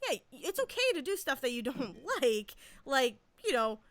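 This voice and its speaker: A woman co-hosting a podcast, telling a story in a casual, animated way and laughing often. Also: high voice, normal speed, dry recording. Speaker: podcast co-host. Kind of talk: casual chat. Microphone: podcast mic.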